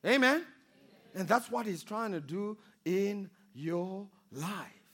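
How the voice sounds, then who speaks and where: A man preaching a sermon as pastor, calling for amens and swinging between loud exhortation and quiet storytelling. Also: high voice, expressive, slow. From Zimbabwe. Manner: preaching with rising calls for amen and audience response.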